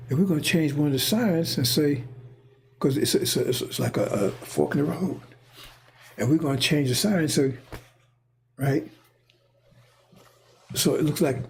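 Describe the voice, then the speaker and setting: A man's voice: a little high, creaky, a little mellow, husky. A man delivering a rambling, casual spoken monologue, repeating himself and checking in with his listeners. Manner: casual, repetitive, keeps checking in with "see?" and "right?". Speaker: speaker giving a prophetic monologue.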